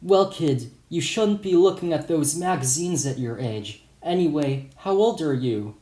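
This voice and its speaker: A man's voice: a little high, lively intonation, a little slow, dark tone, pitched above the performer's own voice. A man voicing a hot-tempered store owner in an audiobook, scolding with a raised voice. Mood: questioning. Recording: roomy echo.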